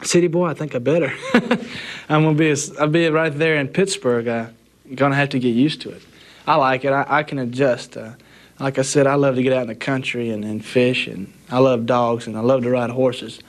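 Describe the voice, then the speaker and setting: A young man from the American South in his twenties answers an interviewer in an easygoing, halting manner, his pitch sitting in a middle range. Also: steady tone. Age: 20s. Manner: easygoing, halting talk with fillers. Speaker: interviewee in archive footage. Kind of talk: old news interview.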